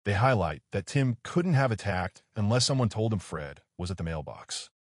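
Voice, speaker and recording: Lively low-voiced male narrator, dry. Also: slightly rough, dry recording. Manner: measured, explanatory. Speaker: true crime commentator. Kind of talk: scripted narration. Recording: dry close-mic voice-over.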